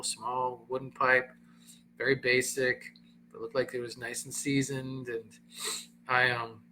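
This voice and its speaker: A middle-aged man, a comedian and host, casually telling a personal story in an animated way, acting out the other people's voices. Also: mid-range voice, slight background noise. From Southern Florida. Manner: animated, acts out quoted voices, frequent laughter.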